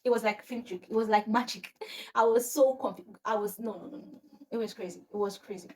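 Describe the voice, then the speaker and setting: Fast-talking young Nigerian woman storyteller. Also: medium pitch. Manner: animated, chatty storytelling to viewers. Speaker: vlogger. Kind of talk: storytime vlog.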